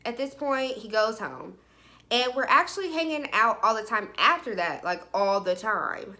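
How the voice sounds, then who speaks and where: A woman's voice: fairly high pitch, normal speed. A young woman telling a personal story in a casual, chatty way, often saying "like". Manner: chatty, animated, peppered with "like". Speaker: vlogger.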